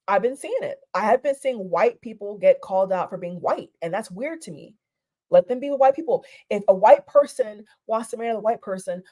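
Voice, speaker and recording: A woman's voice: mid-range voice, darkish tone. A woman from Europe giving a heated, casual reaction rant, repeating herself and restarting her sentences, with some swearing. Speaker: vlogger.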